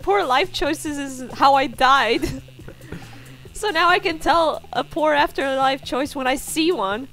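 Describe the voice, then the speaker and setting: A woman's voice: sits high, slow pace, a bit bright, soft background music, pitched above the performer's own voice, exaggerated voice, poor audio. A woman doing a haughty party-girl ghost.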